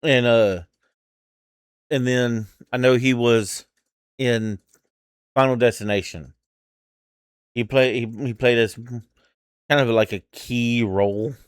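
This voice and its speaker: A man's voice: medium pitch, steady tone, slow pace, pauses often, smooth, no room sound, clean studio sound. A man co-hosting a podcast in casual chat, hesitant and full of restarts. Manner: hesitant, many restarts and fillers. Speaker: podcast co-host.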